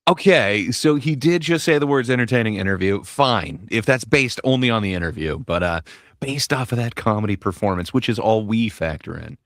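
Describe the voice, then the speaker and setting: Low, measured male panel host. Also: animated, no echo, clean studio sound. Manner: measured, hesitant with fillers. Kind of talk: casual panel discussion.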